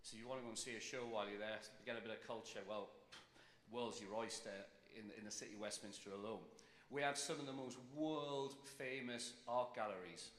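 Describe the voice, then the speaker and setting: A middle-aged British man with a London accent addresses students at a ceremony, enthusiastic and chatty. His voice is bright and forceful. It rings out with long reverb across a big hall. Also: fairly low pitch, a little fast. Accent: British English, London. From Britain. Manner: enthusiastic, chatty, building to cheers. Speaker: civic official giving a speech. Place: large hall with audience.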